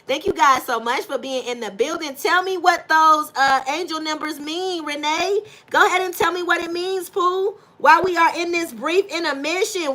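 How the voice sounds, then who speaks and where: Woman, tarot reader, live stream reading, high voice, warmly effusive, repeats lines, calls everyone baby. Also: moderate pace, few pauses, slight background noise. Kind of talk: live tarot reading, greeting chat viewers.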